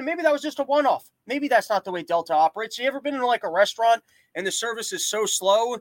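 A man's voice: very high-pitched, expressive, quick pace, no room sound, poor audio. A young man hosting a podcast, doing a rambling, sarcastic comedic monologue full of tangents. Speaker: podcast host.

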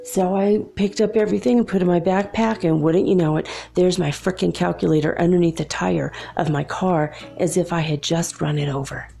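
A woman's voice: on the low side, steady tone, brisk, vocal fry, few pauses, mellow, soft background music. A young adult woman telling a personal story in a casual, chatty way, laughing often between remarks.

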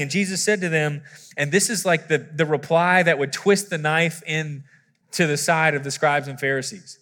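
Animated male pastor preaching in a reverberant hall. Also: a little high, moderate pace. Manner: animated, rising to emphatic peaks. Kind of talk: sermon. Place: church auditorium.

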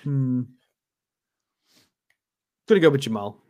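A man co-hosting a fan podcast in casual chat, chirpy and quick to tease. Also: medium pitch, animated, darkish tone. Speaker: podcast co-host.

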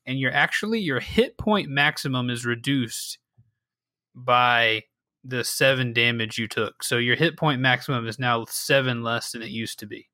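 A man's voice: medium pitch, normal speed, sharp tone, no room sound. A man running a tabletop game as game master, describing wounds and rules with frequent fillers.

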